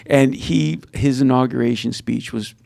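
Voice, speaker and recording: An older man hosts a casual school podcast, laughing often and springing into higher notes when excited. His voice is gravelly and sits in a middle pitch. The sound is dry and close. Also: measured pace, no room sound. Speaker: podcast host and school staff member.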